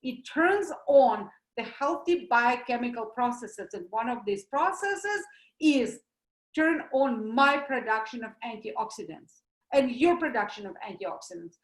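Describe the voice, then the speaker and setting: A woman with a Russian accent gives a lively talk as a doctor, asking questions and answering them herself with homely comparisons. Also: fairly high pitch, a little slow, reverberant, rough recording. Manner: animated, uses homely comparisons, asks and answers her own questions. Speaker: doctor promoting supplements.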